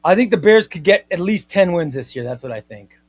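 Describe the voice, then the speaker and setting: A man's voice: high voice, brisk, no echo. Chatty man hosting a live stream. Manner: playful, mock-indignant, chatty and excitable. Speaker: host of a live comics stream. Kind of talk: casual live-stream chat reading viewer comments.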